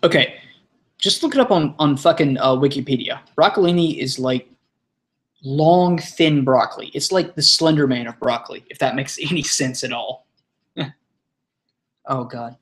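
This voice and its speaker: A man's voice: medium pitch, normal speed, fairly bright tone. A young male streamer talks in a loose, rambling way. He swears freely and laughs often. He sounds like a casual live-stream host.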